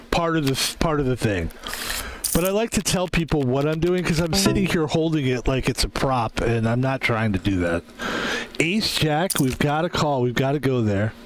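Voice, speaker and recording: Some hiss or hum marks this low-quality recording of a man with a higher-pitched voice. He rambles jokingly through casual commentary on his card game stream, swearing freely.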